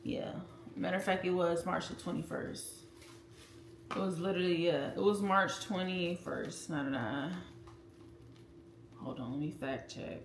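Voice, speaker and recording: A woman's voice: on the low side, unhurried, long pauses. A woman in her twenties chatting casually while she cooks at home, blunt and profane, talking straight to her viewers. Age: 20s. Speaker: vlogger. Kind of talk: casual storytime while cooking. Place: home kitchen. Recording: echoey room with loud background noise.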